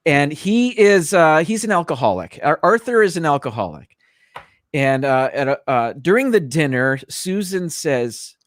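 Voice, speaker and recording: A man in a casual live-stream chat on a video call, retelling a film scene haltingly with many pauses and fillers. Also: a little high, very animated, no echo, clean studio sound. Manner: hesitant storytelling with many fillers.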